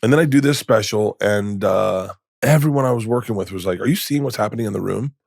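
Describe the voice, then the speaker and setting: A man in his fifties, a comedian guest telling stories in a podcast interview, rambling and animated, acting out quoted lines with many restarts. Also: fairly low pitch, fast, creaky, dry recording, studio quality. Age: 50s. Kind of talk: candid storytelling in conversation. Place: podcast studio.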